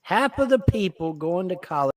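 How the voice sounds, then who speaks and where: An angry host in full rant, cursing freely and mocking what he reads. His voice sits high and swings widely up and down. Clicking sounds come through now and then. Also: lively intonation, moderate pace, dry recording. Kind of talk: profane political rant.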